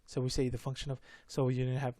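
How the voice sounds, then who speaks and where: A man's voice: mid-range voice, completely flat delivery, quick pace, warm tone, no echo. A man explaining math in a casual lesson, rambling and stuttering, often correcting himself. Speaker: math tutor.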